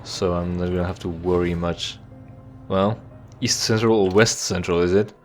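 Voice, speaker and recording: A man's voice: low voice, steady tone, normal speed, faint music behind. A man giving casual, joking commentary while playing a game, rambling with stammered restarts. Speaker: let's play gamer.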